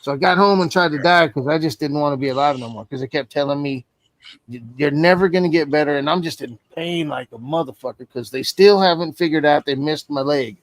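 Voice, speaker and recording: A man's voice: a little high, fast talker, hardly any pauses, dry recording, poor audio. A man telling a personal story in casual stream chat, blunt and heavily profane.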